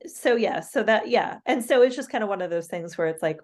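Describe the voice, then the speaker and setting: Woman podcast co-host; animated, laughing storyteller, ordinary mid-range voice. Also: mid-range voice, brisk, hardly any pauses. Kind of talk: casual storytelling.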